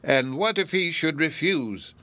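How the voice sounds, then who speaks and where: A man voicing a scornful old gentlewoman. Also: on the high side, animated, dry recording, pitched above the performer's own voice. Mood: questioning. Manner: raised, slowed, sharply emphatic delivery.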